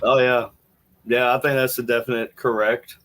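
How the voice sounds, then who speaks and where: A man's voice: mid-range voice, level tone, moderate pace, a bit bright. A man hosting a podcast, thinking aloud in casual commentary as he plays clips, rambling with restarts. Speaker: podcast host.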